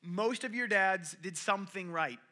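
The young preacher speaks at a moderate pace in a high-pitched, sharp voice. His sermon is conversational, built around stories in which he acts out each person's words.

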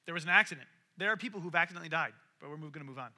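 A man preaching a sermon in an animated way, acting out the voices of the people he quotes and swinging from loud to soft. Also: fairly high pitch, racing. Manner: animated, acts out quoted voices, varies loudness widely. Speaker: pastor.

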